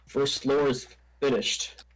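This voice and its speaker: A man's voice: mid-range voice, little pitch movement, slow pace, crowd noise, poor audio. A man hosting a casual gaming chat, playful and giggly as he builds and jokes. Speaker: server host building in game.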